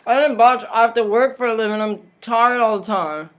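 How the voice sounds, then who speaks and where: A woman's voice: a little high, normal speed. Chatty woman rambling through a recap. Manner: chatty, rambling, laughs often, mocking asides. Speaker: vlog host. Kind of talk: casual wrestling recap vlog. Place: home.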